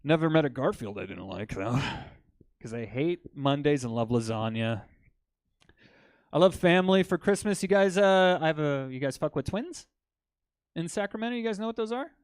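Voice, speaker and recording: Man doing crude stand-up, crisp voice. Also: a little high, normal speed, no echo. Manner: crude, deadpan jokes with playful crowd work. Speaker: stand-up comedian. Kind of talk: stand-up comedy set. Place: comedy club stage.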